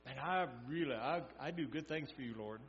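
A man voicing a smug, self-praising Pharisee who brags loudly in his prayer. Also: a little high, fairly quick, faint music behind, close to an everyday voice. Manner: boastful, raised and loud. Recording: echoey hall, dull sound, mains hum.

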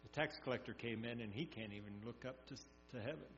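A man's voice: mid-range voice, brisk, a bit bright. A man preaching a sermon, telling scripture stories in a folksy way and acting them out. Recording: echoey hall, dull sound, mains hum.

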